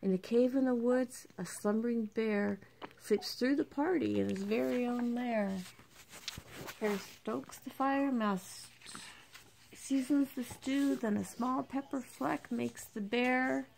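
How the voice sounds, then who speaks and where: An older woman reads a picture book to her grandchild at an unhurried pace, her voice gravelly with fry. She is gentle and soft, slipping into quiet asides between the lines, with a faint hiss behind her. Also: fairly high pitch. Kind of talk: reading a picture book aloud.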